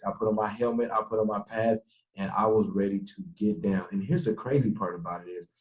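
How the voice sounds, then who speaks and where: A man, a former pro football player, telling animated stories in an interview and acting out the people he quotes. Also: on the low side. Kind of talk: interview storytelling. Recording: echoey room.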